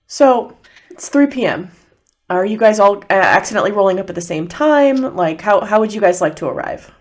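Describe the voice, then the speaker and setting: A woman's voice: mid-range voice, animated, a little fast. Chatty woman running a tabletop game. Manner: laughing, loose and chatty. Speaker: game master.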